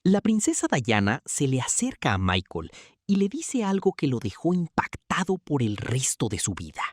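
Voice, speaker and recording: A woman's voice: a bass voice, big pitch swings, fairly quick, a little mellow, slightly rough, dry recording, clean studio sound. A woman giving scripted voice-over narration with dramatic emphasis.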